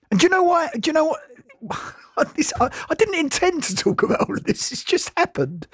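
A British man in middle age chats casually on air, wandering from one aside to the next and laughing often. His voice is a little husky and rises and falls a lot. The recording is close and dry. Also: high-pitched, dry recording. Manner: rambling and anecdotal, laughing often. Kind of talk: casual chat.

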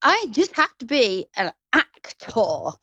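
Grimsby accent woman, 30s, gushing about her stage role, bit high pitched, dead dry sound. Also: big pitch swings, slow, sharp tone, dry recording, low-quality recording. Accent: Grimsby English. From England. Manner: chatty and effusive, frequent "like" and restarts. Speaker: stage actress guest. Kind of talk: casual interview chat.

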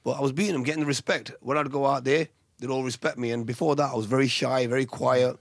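A man, a former boxer, telling his story in a casual interview with a halting, soft-spoken manner. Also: mid-range voice, steady tone, creaky, no room sound.

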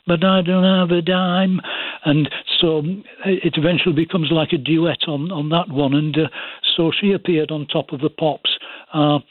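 A man's voice: a little high, no echo. A man calling in to a radio phone-in, rambling and hesitant with many fillers. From England. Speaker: radio caller. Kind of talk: phone-in chat. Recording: tinny phone line.

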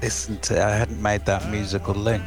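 A man co-presenting on the radio, giving opinions in a halting way with frequent restarts. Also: lowish voice, flat delivery, music in the background. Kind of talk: casual radio chat.

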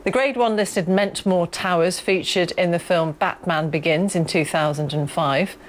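A woman presenting the news in a formal, even reading. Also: lowish voice, normal speed, slight background noise.

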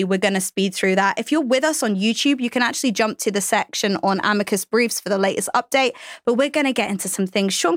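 A woman hosting a podcast in a casual, playful way, her pitch swooping up for emphasis. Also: dry recording, clean studio sound. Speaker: podcast host.

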